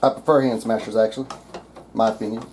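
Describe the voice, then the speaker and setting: A man's voice: fairly low pitch, fairly even intonation, fast, darkish tone, slight background noise. A man with a Southern US accent showing how to cook at home, crude and joking, swearing casually as he goes. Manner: crude, profane, joking asides. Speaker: cooking vlogger. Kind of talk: casual cooking demonstration. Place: home kitchen. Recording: kitchen clatter of pots and cutlery. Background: clinking dishes and utensils.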